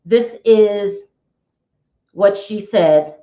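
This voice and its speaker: A woman's voice: mid-range voice, drawn-out words, mellow. A woman hosting a casual gossip show, chatty and full of exclamations, talking straight to her viewers. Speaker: YouTube gossip show host. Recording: echoey room, dull sound.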